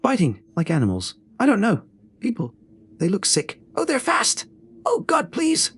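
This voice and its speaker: A man playing a hoarse, terrified woman. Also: high voice, wildly swooping pitch, normal speed, fairly bright tone, voice pushed up, full character voice. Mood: terrified pleading. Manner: screaming, sobbing, frantic. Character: panicked bitten woman in late thirties.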